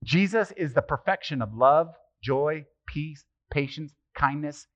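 A middle-aged man preaching a casual, conversational sermon as pastor, animated and joking, throwing rhetorical questions at the congregation. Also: on the high side, a little slow. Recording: slightly muffled, dry sermon recording.

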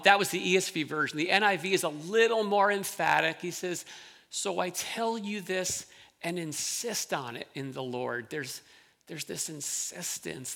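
Male pastor, high and bright-toned, easygoing preaching with restarts, recorded with long hall reverb. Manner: conversational preaching with verbal restarts. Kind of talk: sermon.

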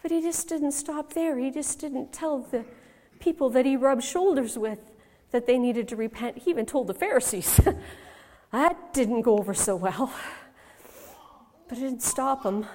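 A woman's voice: on the high side, a little slow, pauses often. Woman telling a story in a hall. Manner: expressive storytelling, swinging from hushed to loud. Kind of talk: first-person dramatic monologue as a biblical mother. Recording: long reverb in a large hall.

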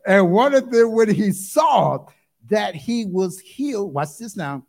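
Male preacher, high voice, gravelly edge, emphatic call-and-response sermon, repeats phrases, sudden whoops. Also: lively intonation, slow pace, a little mellow. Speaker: pastor.

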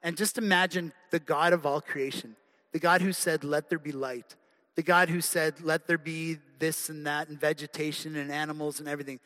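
A man's voice: fairly high pitch, pushed and bright. A male preacher giving an earnest, conversational sermon in a church. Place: church sanctuary. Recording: long hall reverb.

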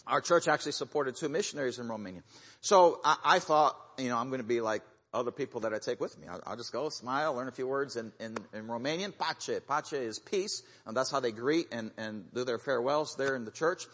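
A man's voice: mid-range voice, fairly quick, a bit bright. A man speaking as a guest missionary, telling stories in a folksy way, full of fillers and restarts. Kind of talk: sermon-style testimony. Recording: long reverb of a large church hall.

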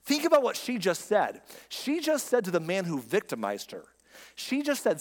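A man's voice: high voice, sing-song, normal speed, big-room sound. A man preaching a sermon as pastor, talking to the congregation in a conversational, emphatic way and asking rhetorical questions.

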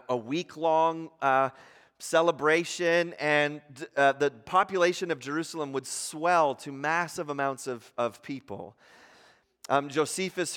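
A man preaching a sermon as pastor, talking in a conversational way with fillers and restarts, rising in pitch and volume when he acts out the crowd. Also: in a large hall. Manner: grows louder and higher when acting out the crowd.

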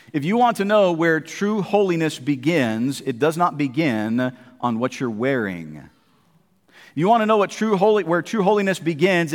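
Pastor, male, high-pitched, preaches with repeated phrases and questions; long reverb of a church hall. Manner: preaching with emphatic repetition and rhetorical questions. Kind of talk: sermon. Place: church sanctuary.

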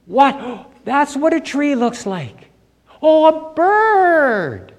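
A man's voice: very high voice, huge pitch swings, extremely slow, pitched above the performer's own voice, heavily acted. A man voicing a blind man who gasps in wonder at seeing for the first time. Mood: amazed. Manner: gasping, wonder-struck exclamations. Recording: long hall reverb.

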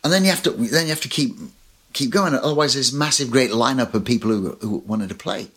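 A man's voice: mid-range voice, fast talker, fairly bright tone, husky. A man preaching a sermon as pastor, telling personal stories with light humor. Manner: storytelling with personal anecdotes and humor.

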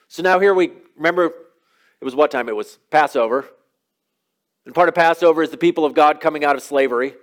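Pastor, male, slightly high voice, relaxed conversational sermon delivery with chatty asides. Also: brisk. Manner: conversational, storytelling preaching with casual asides.

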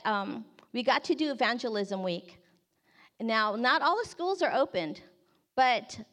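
Earnest woman telling a faith story. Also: a little high. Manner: earnest, expressive storyteller who acts out quotes. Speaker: campus ministry worker. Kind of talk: storytelling testimony talk.

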